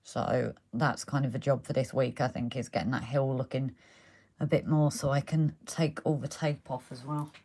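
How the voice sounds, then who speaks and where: Hobby live-stream host: a low-pitched woman who chats casually while she works and is losing her voice. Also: steady tone, normal speed, a little mellow. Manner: chatty, talks while working, reads out viewer comments. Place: indoors at a model railway layout.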